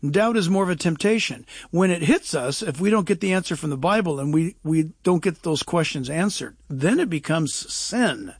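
Male preacher, husky voice, high pitch, fervent, emphatic, repeats phrases. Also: animated, normal speed, few pauses, dry recording. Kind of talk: preaching on a talk show.

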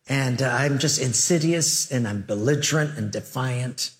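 A male preacher at a middle pitch delivers a sermon full of stories. He is animated and jokey, acting out the back-and-forth dialogue himself. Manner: animated, joking, acts out dialogue. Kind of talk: sermon with storytelling.

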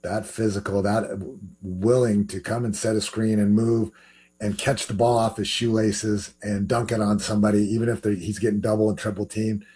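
Male guest, former pro athlete; low, warm, slightly husky voice, relaxed anecdotal delivery. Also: normal speed. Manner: relaxed storytelling, repeats words as he goes. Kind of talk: casual interview talk.

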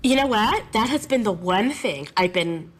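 A woman's voice: medium pitch, animated, normal speed. A woman music teacher talking animatedly and emotionally in a radio interview.

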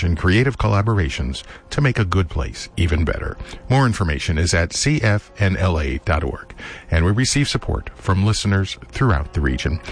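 A male public radio announcer runs through station call letters and sponsor credits. His voice is very deep and moves up and down a lot. Faint music plays under him. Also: creaky.

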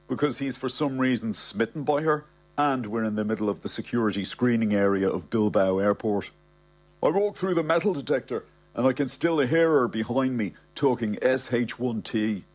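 A man's voice: medium pitch, moderate pace. A middle-aged man with a Dublin Irish accent narrating a comic audiobook in a cocky, slangy style.

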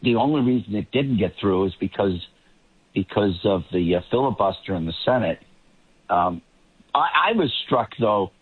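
A man's voice: mid-range voice, husky, dry recording. A man from Boston, a political commentator giving rambling talk radio commentary. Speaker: panel guest, political commentator. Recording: tinny phone line.

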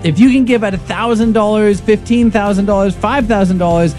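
Earnest radio co-host, man, mellow voice. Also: high-pitched, soft background music. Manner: earnest, persuasive, quick with repetitions. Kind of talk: pledge drive radio appeal.

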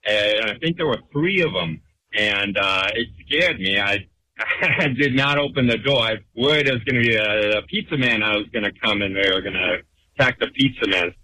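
Bright-voiced, low male caller. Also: moderate pace, no echo, rough recording. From California. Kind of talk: voicemail anecdote.

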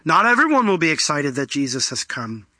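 A male pastor delivers a lively sermon in a high, bright, forceful voice, slipping into small acted-out voices as he tells his stories. The sound is close and dry, with no room echo. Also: fairly quick. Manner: animated, acts out voices in quotes.

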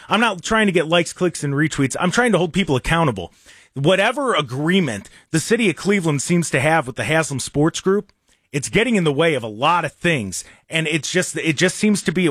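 Man, sports talk host, sarcastic rant, high voice, very lively pitch, dry close sound. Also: fairly quick, dry recording. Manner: animated and sarcastic, mocking others in put-on voices.

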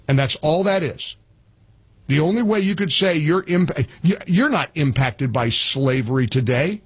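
Husky blunt talk radio host. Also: male voice, a little high, animated, moderate pace, no room sound. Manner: blunt, incredulous, sarcastic. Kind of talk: talk radio with live reads.

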